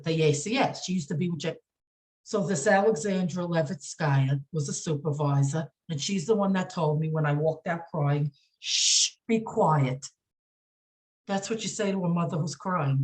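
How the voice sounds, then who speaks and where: A woman with a low voice talks as a podcast guest and sounds indignant. She keeps stopping to restart her sentences and leans on repeated words for emphasis. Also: a little mellow. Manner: halting, many fillers and restarts. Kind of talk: emotional podcast interview.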